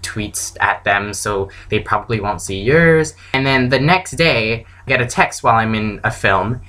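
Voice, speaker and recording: Excitable young woman vlogger. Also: extremely low pitch, moderate pace, poor audio. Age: young adult. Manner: excitable, gushing fan storytelling. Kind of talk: casual vlog storytelling.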